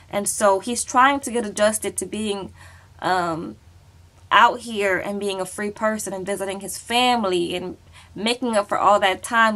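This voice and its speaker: A woman's voice: mid-range voice, fairly bright tone. A woman casually recapping a reality show episode, chatty and dramatic, with sassy asides.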